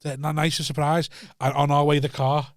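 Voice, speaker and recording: A man's voice: on the high side, little pitch movement, a little fast, no room sound, clean studio sound. A man telling family stories in casual podcast chat, swearing freely and acting out his dad's outbursts. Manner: swearing storyteller, mimics his shouting dad. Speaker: podcast host.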